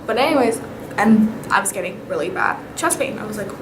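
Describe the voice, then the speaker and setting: A woman's voice: medium pitch, a little fast. Chatty young woman, echoey room. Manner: chatty, animated, with whispered asides. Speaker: vlogger. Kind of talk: casual storytelling. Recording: echoey room with clear background noise.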